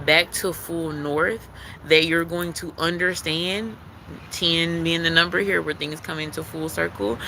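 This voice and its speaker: A man's voice: on the high side, gravelly, sharp tone, a little hiss or hum, low-quality recording. A man giving a live-streamed spiritual tarot card reading, talking in an earnest, repetitive way that leans on emphasis like a preacher.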